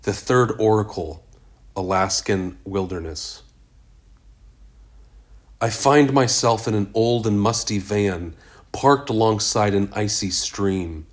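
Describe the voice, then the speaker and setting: A man narrating a first-person story in a measured, even reading. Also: on the low side. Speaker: audiobook narrator.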